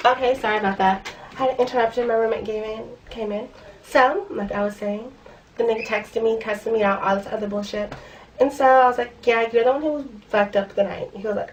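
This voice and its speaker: A woman's voice: on the high side, steady tone, fairly quick, a little hiss or hum. A young woman vlogger telling a blunt, profane story in casual slang, recorded in her room. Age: young adult. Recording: voice a bit far from the mic.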